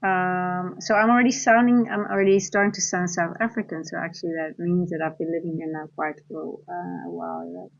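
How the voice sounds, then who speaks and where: A woman's voice: on the low side, fairly even intonation, a little fast, creaky, hardly any pauses. Dutch woman streaming trades live, rambly, keeps restarting, reads chat out, kinda dull lo-fi sound. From Netherlands. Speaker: trading coach streaming live.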